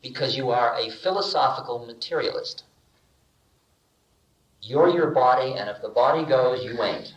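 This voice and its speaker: An older man giving a relaxed spiritual talk, telling stories and acting out bits of dialogue with humor, in an archival lecture recording. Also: mid-range voice, moderate pace, long pauses, echoey room, low-quality recording. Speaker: spiritual teacher.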